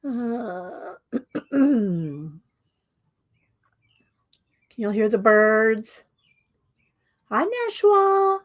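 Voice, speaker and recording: A high-voiced, middle-aged woman chats through a live art stream. She drawls slow greetings to viewers one by one and laughs easily between her words. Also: very animated.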